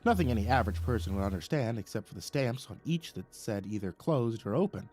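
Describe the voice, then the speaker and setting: A man's voice: fairly low pitch, quick pace. Man narrating a story expressively. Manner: expressive, dramatic. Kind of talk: first-person story narration.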